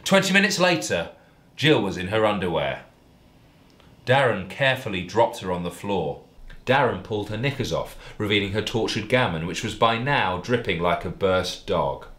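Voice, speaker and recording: A male comedian reading out a parody story in a deadpan, mock-earnest way. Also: fairly low pitch, normal speed.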